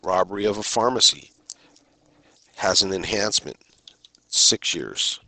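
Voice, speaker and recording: A man giving a recorded criminal justice lecture in a measured, deliberate way, pausing and sometimes restarting a phrase. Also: deep voice, expressive, pushed and bright. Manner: measured, deliberate delivery with pauses and occasional restarts.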